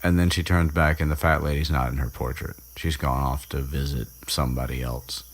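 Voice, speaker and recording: A young man with a strikingly deep, low voice recaps a story as a podcast host. He rambles loosely, chuckling and swearing freely as he goes. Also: fairly even intonation, fairly quick, slight background noise. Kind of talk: casual chapter recap.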